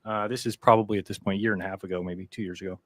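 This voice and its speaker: A man's voice: on the low side, racing, no room sound. A man co-hosting a casual talk show, rambling through a story and acting out what others said. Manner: rambling, quotes others in animated voices. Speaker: podcast co-host.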